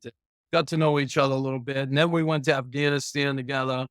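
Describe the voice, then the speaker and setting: A retired pro hockey player telling rambling, profane stories as a guest in a casual interview, chuckling along the way. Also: male voice, medium pitch, fairly bright tone, smooth, dry recording, clean studio sound.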